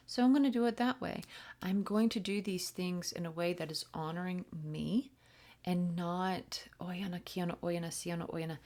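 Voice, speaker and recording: A woman with a lowish voice gives a channeled spiritual reading, moving between ordinary speech and a flowing chant of made-up syllables. She is soft-spoken, often dropping to a whisper, and halts frequently with many fillers.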